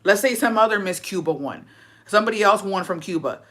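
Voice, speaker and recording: A woman's voice: mid-range voice, expressive, brisk, a bit bright. A young woman hosting a casual gossip chat, ranting with plenty of swearing and rhetorical questions. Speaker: host.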